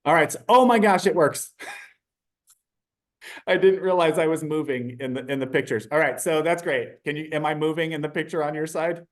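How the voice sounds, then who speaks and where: A man leading a live online training, animated and chatty, often asking the audience questions. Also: a little high, moderate pace.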